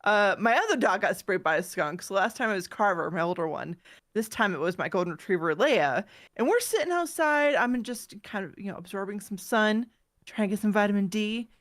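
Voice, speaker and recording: A woman's voice: medium pitch, animated, a little fast, a bit bright. A woman in her thirties with a cold, co-hosting a podcast and telling rambling stories in casual chat. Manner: chatty, rambling storyteller who laughs at her own mishaps. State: has a cold. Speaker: podcast co-host.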